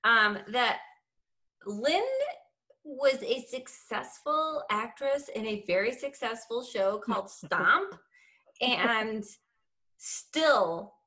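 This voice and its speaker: A woman's voice: fairly high pitch, lively intonation, slow, bright, forceful tone. A woman hosting a casual podcast chat, eagerly speaking straight to her listeners. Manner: eager, addresses listeners directly. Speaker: podcast host.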